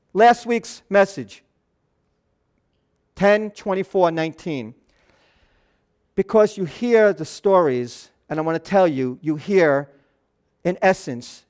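A man with a nasal voice preaching a conversational sermon as pastor, earnest, with loose asides and restarts. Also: high-pitched.

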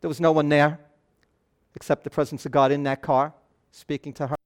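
A man's voice: a little high, little pitch movement, a little fast. A man with a nasal voice preaching a conversational sermon as pastor, earnest, with loose asides and restarts.

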